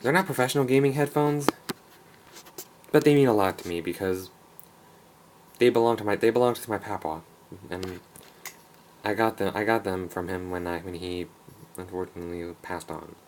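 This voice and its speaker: A man's voice: low-pitched, steady tone, normal speed, pauses often, a little mellow, a little hiss or hum. Rambling young man giving a room tour. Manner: rambling, with frequent restarts and self-corrections. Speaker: gaming YouTuber. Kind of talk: casual setup tour vlog. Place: bedroom game room, indoors. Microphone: handheld camera, no tripod.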